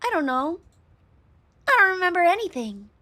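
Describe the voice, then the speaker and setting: Streamer girl putting on a squeaky wobbly slime girl, naive and eager, swoops all over. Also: big pitch swings, normal speed, sharp tone, exaggerated voice. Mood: innocent. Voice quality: high-pitched, wobbly, cutesy. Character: cute wobbly young sludge-monster girl, naive.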